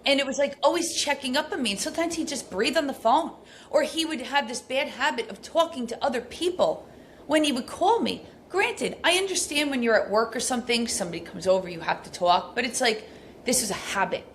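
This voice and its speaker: A middle-aged woman, a podcast guest telling stories in a casual, animated way, full of fillers. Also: high-pitched, fairly quick, slight background noise. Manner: animated, acts out quoted speech, frequent fillers. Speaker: podcast guest, abuse recovery coach. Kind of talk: casual storytelling interview.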